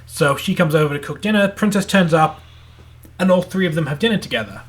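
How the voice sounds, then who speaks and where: Brief: husky, slightly high male co-host, loose chatty recap, quick voices for characters. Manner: rambling plot recap full of "like". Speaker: podcast co-host. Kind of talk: casual anime review chat.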